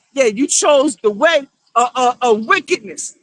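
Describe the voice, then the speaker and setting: Fiery high-voiced preacher man, shouting. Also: expressive, unhurried, few pauses, dry recording. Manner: fiery, shouting scripture, repeats "all right" constantly. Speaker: street preacher. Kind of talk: sermon with scripture reading.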